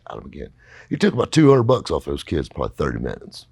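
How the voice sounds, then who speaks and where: A man's voice: extremely low pitch, wildly swooping pitch, fast, darkish tone, breathy edge, dry recording, studio quality. A middle-aged man telling a long story casually, rambling and folksy, with lots of fillers. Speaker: podcast host telling a story.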